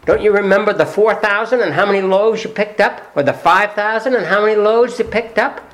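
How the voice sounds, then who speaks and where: A man preaching, voicing an exasperated adult male teacher who rebukes his followers with loud, rising questions. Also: high-pitched, brisk, pitched above the performer's own voice, poor audio. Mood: angry rebuke.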